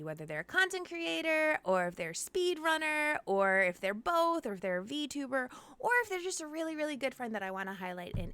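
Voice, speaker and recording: Excitable woman streamer, dry close sound. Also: medium pitch, clear, resonant tone, no echo. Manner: excitable, gushing, swears freely. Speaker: streamer and interview host. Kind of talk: casual live-stream chat.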